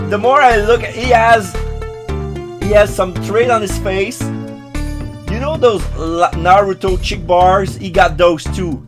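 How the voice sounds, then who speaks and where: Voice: mid-range voice, steady tone, takes it slowly. A let's play host chatting casually and reading game dialogue aloud with jokes. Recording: game music playing behind.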